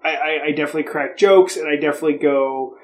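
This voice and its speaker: A man's voice: on the high side, quick pace, poor audio. A man co-hosting a podcast, telling stories in casual chat with a joking, sarcastic edge and frequent swearing. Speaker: podcast co-host.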